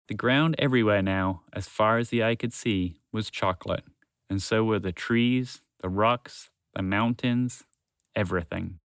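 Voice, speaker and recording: A man reading a children's story aloud in a lively way, switching into voices for the characters. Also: on the low side, unhurried, clear, resonant tone, no echo, clean studio sound.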